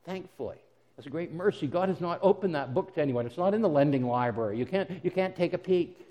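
Preacher guy with a high voice, earnest, keeps repeating words, sermon style. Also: expressive, quick pace, in a large hall, highs cut off. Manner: earnest preaching with frequent word repeats, voicing God's and Jesus' words. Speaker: pastor.

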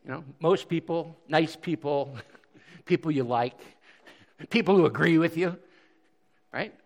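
A man preaching a sermon as pastor, conversational and animated, with frequent restarts and self-deprecating asides. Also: on the high side, unhurried, gravelly. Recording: long hall reverb.

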